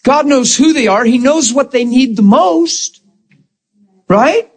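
A man with a husky, breathy voice pitched well above most men. He is a Christian minister telling stories in an emphatic, animated chat, his pitch swinging widely and laughter breaking into his words. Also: slow pace.

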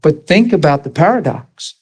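A man preaching a sermon, asking the congregation rapid questions and dropping to soft, low storytelling. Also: slightly rough. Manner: animated, rising to high emphatic questions to the crowd.

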